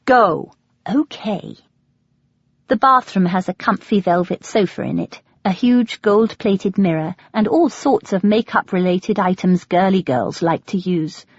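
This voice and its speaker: A woman with an English accent reading a first-person audiobook in a wry, expressive way. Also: mid-range voice, moderate pace, hardly any pauses, no echo. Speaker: audiobook narrator. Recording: dull lo-fi audio.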